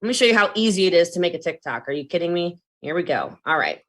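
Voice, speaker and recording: A woman giving an energetic network marketing training talk, animated and quick to jump between demonstrations and asides. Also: lowish voice. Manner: fast, animated, jumps between demos and asides.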